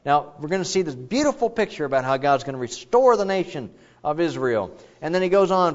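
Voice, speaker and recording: A man preaches a sermon with theatrical energy and reads scripture dramatically. His fairly high voice swings widely in pitch. The recording sounds dull and lo-fi. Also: brisk. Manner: animated, theatrical, acts out quotes.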